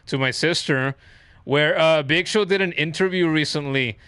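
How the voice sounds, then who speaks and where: A man's voice: fairly high pitch, normal speed, fairly bright tone, clean tone, no echo, clean studio sound. A man in his thirties streaming a game, chatting in a rambling, profane way and telling funny stories. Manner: rambling, profane, laughing storyteller. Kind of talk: casual chat while streaming.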